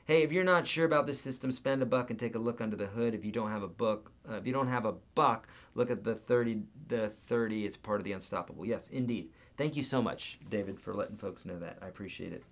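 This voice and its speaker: A man's voice: on the low side, fast talker, few pauses. A man hosting a live guitar Q&A, chatting casually, reading viewer comments aloud and counting out beats and picking patterns.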